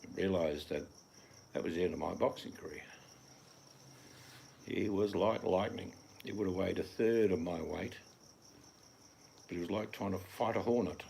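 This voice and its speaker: A man's voice: sits low, moderate pace, creaky, long pauses, darkish tone, a little hiss or hum. An older man with an Australian accent, hosting a casual live chat from home and reading out comments, talking in a blunt, rambling way with the odd swear. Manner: blunt, chatty, swears offhandedly. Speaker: livestream host reading chat. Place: at home in the evening.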